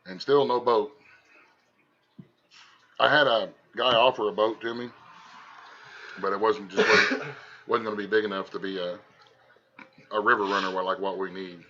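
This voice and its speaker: A man's voice: fairly low pitch, fairly even intonation, moderate pace, long pauses, dull audio. A man from Ohio with a thick Southern Ohio country accent, chatting casually and bluntly in a folksy drawl as host of his livestream. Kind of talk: casual chat.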